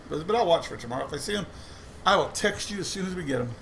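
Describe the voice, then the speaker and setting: This man talks rapid-fire in a fairly high, fairly bright voice with lively intonation, over slight background noise. As a coin roll hunting vlogger, he searches coin rolls while telling a casual, wandering anecdote and quoting people's lines.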